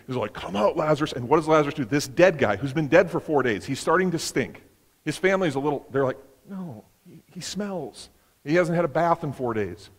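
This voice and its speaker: Pastor, man, mid-pitched, earnest sermon delivery, long church reverb. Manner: earnest, repeats words, acts out Bible quotes. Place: church sanctuary.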